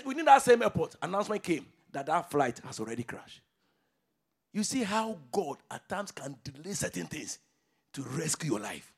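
Fervent raspy high-pitched preacher man. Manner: fervent preaching that swings between shouts and low murmurs, with call-and-response. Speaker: pastor. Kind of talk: sermon.

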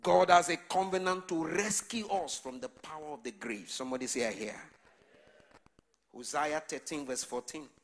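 A male preacher delivering a sermon with call-and-response. His voice sits a little high for a man. He builds his lines up until he is shouting. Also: moderate pace.

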